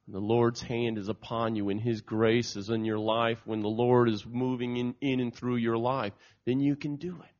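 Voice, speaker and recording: Preacher man telling a sermon story. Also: medium pitch. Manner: storytelling, animated, acts out quotes. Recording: dull lo-fi recording.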